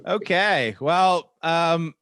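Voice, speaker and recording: Slow, dry-witted male host. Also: on the high side, fairly bright tone, clear, resonant tone, dry recording. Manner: dry, teasing, unhurried. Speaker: host and moderator. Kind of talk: hosting a comedy debate show.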